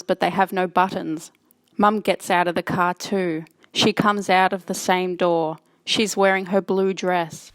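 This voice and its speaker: A woman narrating a horror audiobook in the first person, with a steady, plain reading manner. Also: fairly low pitch, no room sound.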